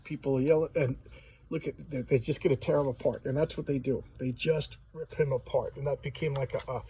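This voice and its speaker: A man giving a casual, chatty walkthrough of a comic book, retelling the story in loose talk full of "you know" and quick asides. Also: medium pitch, fairly even intonation, dark tone, husky, rough recording. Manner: acts out characters' lines in quick voices.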